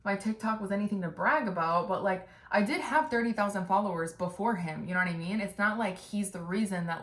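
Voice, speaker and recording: A young woman in her twenties telling a story, loose and chatty, full of "like" and casual swearing. Her voice sits at a middle pitch. The room around her echoes noticeably. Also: fairly quick, hardly any pauses. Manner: chatty, swears freely, full of "like", mimics others with animated bursts. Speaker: podcast host. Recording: roomy echo.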